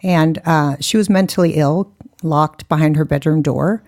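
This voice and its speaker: Woman, forties, gravelly, dark mellow tone, blunt and self-mocking, laughs a lot. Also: deep voice, normal speed. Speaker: guest. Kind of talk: candid storytelling.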